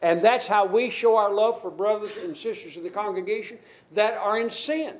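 A man's voice: high-pitched, normal speed, poor audio. A man preaching a sermon to his congregation, earnestly quoting and explaining scripture. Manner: earnest, scripture-quoting, rising and falling emphasis.

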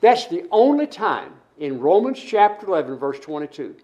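A man's voice: high-pitched, sing-song, moderate pace, a little mellow, dull audio. A man preaching a sermon, building his points through emphatic repetition and rhetorical questions to the congregation.

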